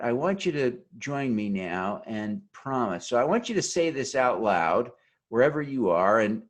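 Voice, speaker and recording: A man giving a motivational conference talk over a video call, earnest and leading the audience in an oath. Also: mid-range voice. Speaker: keynote speaker.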